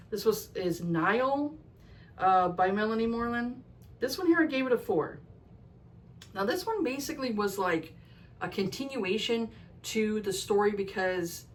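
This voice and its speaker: A woman chatting through a book review in a casual vlog, with a mid-pitched voice. She is blunt and ranty, drops swear words freely, and leans on "like" as a filler. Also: low-quality recording. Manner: frequent "like" fillers.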